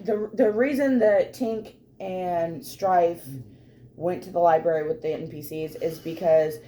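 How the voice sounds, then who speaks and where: A woman co-hosting a podcast, animatedly recapping a tabletop game, laughing often and swearing casually, her voice a little hoarse from laughter. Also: fairly low pitch, fairly even intonation, measured pace, dark tone.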